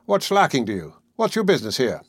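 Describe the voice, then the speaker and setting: A man's voice: mid-range voice, lively intonation, a little fast, no room sound, studio quality, close to an everyday voice. A man reading aloud voices a village innkeeper who speaks firmly and plainly. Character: firm, conciliatory male village innkeeper.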